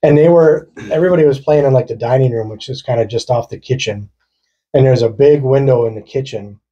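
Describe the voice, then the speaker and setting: A husky, mellow man from rural Wisconsin co-hosts a podcast, telling stories casually among friends. His mid-range voice moves fairly quickly, loose and profane, and he laughs through the story on a muffled recording.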